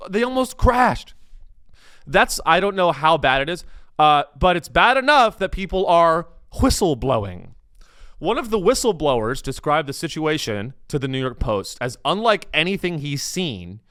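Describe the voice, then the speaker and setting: Lively sarcastic man hosting comedy podcast. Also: on the high side, clear, resonant tone, no echo, studio quality. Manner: sarcastic, rambling, acts out quoted people. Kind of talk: comedic news commentary.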